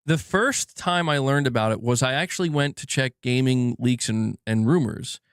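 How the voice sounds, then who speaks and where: A man's voice: medium pitch, moderate pace, clean tone, no room sound, studio quality. A man hosting a gaming channel, ranting on a casual livestream from home and swearing freely. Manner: animated, emphatic, swears freely. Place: alone at home.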